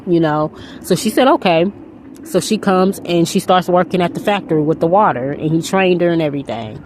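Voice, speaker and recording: A woman's voice: fairly low pitch, moderate pace, darkish tone, slight background noise. A woman casually and earnestly retelling a film's story as a faith vlogger, rambling with frequent "you know".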